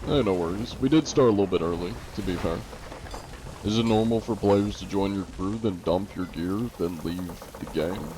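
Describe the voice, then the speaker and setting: A man's voice: deep voice, moderate pace, background noise. A man streaming a game and chatting with teammates and viewers, role-playing a judge in a teasing, mock-formal way.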